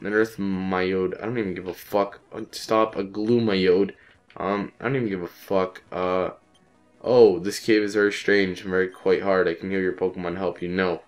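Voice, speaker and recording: A man's voice: sits low, soft background music. Sick-sounding young man cursing at a game. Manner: frustrated, swearing, repeats phrases in quick bursts. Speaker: gaming channel host. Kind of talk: casual let's-play commentary.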